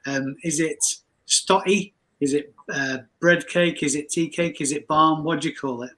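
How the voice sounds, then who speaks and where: Guy hosting a live chat, bright voice, chatty, keeps restarting. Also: on the high side, fairly even intonation, moderate pace, rough recording. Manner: chatty, restarts often, laughs easily. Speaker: host. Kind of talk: casual chat on a live stream.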